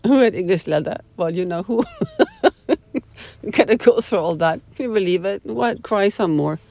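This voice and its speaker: A woman's voice: medium pitch, brisk, vocal fry, a little mellow, dry recording. A woman hosting a casual talk, rambling on with dramatic groans of disgust. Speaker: host. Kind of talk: casual monologue.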